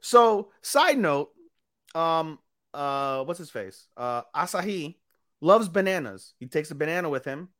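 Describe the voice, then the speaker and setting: A podcast co-host in loose, casual chat, recapping an anime plot in a crude, profane, rambling way. The voice sits at a middling pitch, neither high nor low. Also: sing-song, a little slow, fairly bright tone.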